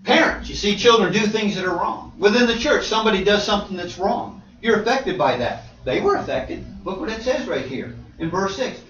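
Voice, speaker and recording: A male preacher giving an animated sermon, with sudden loud exclamations. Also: sits high, a little fast, few pauses. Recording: roomy, distant, slightly dull.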